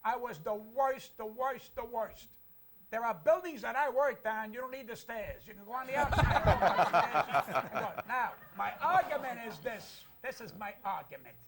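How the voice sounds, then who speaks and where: A man's voice: extremely high pitch, animated, moderate pace, a loud crowd. An older man, a comedian guest, telling brash, boastful comic stories and repeating lines for the punch. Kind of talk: comic storytelling.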